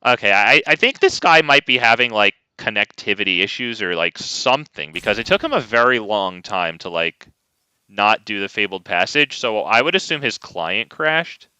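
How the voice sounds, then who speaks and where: A man's voice: on the low side, animated, normal speed, sharp tone, smooth, dry recording. A man streaming a card game, ranting casually and talking to his chat. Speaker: gaming streamer. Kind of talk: casual live gameplay commentary.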